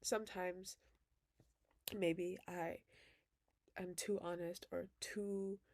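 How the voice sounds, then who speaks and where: Woman vlogger, video diary, rambling and reflective, gravelly fry, dry close sound. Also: lowish voice, flat delivery, takes it slowly, dry recording. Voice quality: emotional, soft-spoken. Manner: rambling, reflective, many "like" fillers. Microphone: built-in computer webcam mic.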